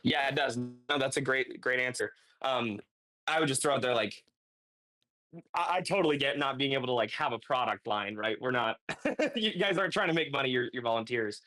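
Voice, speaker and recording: A man's voice: mid-range voice, animated, a little fast, sharp tone. A man asking the panel a long question, rambling with lots of fillers. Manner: rambling with many likes. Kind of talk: casual question.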